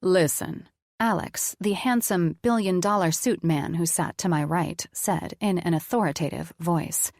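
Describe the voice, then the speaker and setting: A woman reading a first-person audiobook with a candid, conversational and blunt delivery. Her voice sits low and the recording is very dry and close. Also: moderate pace, creaky, hardly any pauses, a little mellow, no echo. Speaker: audiobook narrator.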